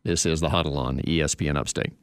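A man's voice: a bass voice, fairly even intonation, quick pace, no echo, clean studio sound. A man hosting a sports radio show, reading news items and chatting with asides.

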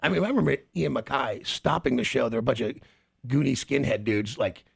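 A man's voice: medium pitch, lively intonation, brisk, vocal fry, husky. A man chatting casually, rambling and stammering with frequent laughs. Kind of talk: casual chat.

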